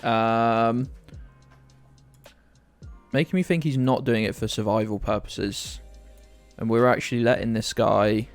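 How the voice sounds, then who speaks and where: A man's voice: medium pitch, fairly even intonation, a little slow, long pauses, soft background music. A man from the UK chatting casually and rambling to viewers while streaming a game, often joking at his own expense. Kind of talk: casual live-stream commentary.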